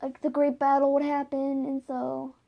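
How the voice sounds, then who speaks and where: A woman's voice: high-pitched, completely flat delivery, normal speed, gravelly, lo-fi sound. A woman casually making up a fan story at home, rambling with many filler words. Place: home, by a window.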